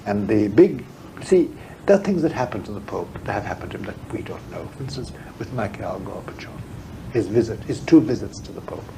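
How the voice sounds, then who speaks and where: A man's voice: on the low side, lively intonation, brisk, noisy background. A man speaking as an interview guest, a historian and theologian, talking frankly and emphatically, repeating words when he presses a point. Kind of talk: frank, discursive interview talk.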